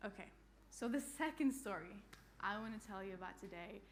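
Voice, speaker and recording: A woman's voice: medium pitch, animated, a little fast, slight background noise. A young woman from Norway telling a personal story in a church talk, chatty and laughing, with lots of fillers and restarts.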